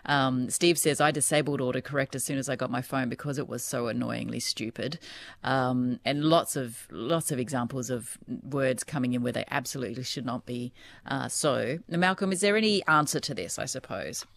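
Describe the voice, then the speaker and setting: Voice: medium pitch, moderate pace, creaky, a bit bright, no room sound. A radio host leading a talkback segment, chatty and playful.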